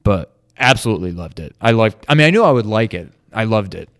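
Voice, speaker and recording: A man with a fairly low voice who talks in halting, searching phrases while he works toward his point. The sound is dry and close, with no room around it. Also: expressive, no echo. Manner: hesitant, lots of fillers and restarts. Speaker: podcast co-host. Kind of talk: casual chat about movies.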